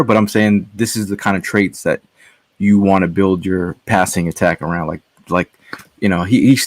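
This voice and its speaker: A man in his thirties talks casually as a podcast guest, rambling through his thoughts with plenty of fillers. His voice sits low, and the sound is dry and close. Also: no room sound. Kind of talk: casual sports podcast chat.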